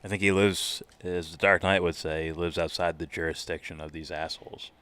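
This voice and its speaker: A man's voice: deep voice, steady tone, fairly quick, fairly bright tone, smooth. A man co-hosting a casual live reaction stream, rambling about films with lots of swearing and laughter. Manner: profane, rambling, laughs a lot. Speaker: co-host.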